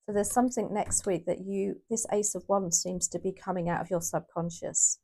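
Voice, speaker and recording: A woman's voice: on the low side, steady tone, normal speed, hardly any pauses, warm tone. A woman giving a casual, chatty tarot reading to her viewers, often correcting herself as she thinks aloud. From United Kingdom. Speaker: tarot reader.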